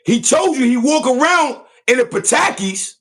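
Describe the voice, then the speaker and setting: High-pitched guy roasting someone on his show, loud and mocking, voice all over the place. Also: expressive, normal speed. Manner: loud, mocking, repeats catchphrases. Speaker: online show host. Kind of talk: comedic roast rant.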